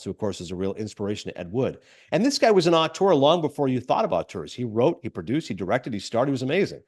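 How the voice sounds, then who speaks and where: A man's voice: mid-range voice, darkish tone. A man hosting a casual film podcast, reading trivia aloud with enthusiastic asides. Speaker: podcast host.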